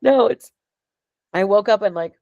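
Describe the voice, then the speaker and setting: A woman's voice: mid-range voice, unhurried, darkish tone, no echo, highs cut off. A middle-aged woman chatting casually during a reading, rambling and emotional, often laughing as she talks. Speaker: client getting a reading. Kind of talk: casual conversation.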